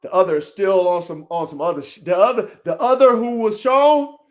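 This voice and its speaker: A man hosting a show about his dogs, ranting profanely to viewers, swinging from low mutters to heated shouting, with repeats and restarts. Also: fairly even intonation, a little fast. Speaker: podcast host and dog breeder. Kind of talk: rant to viewers.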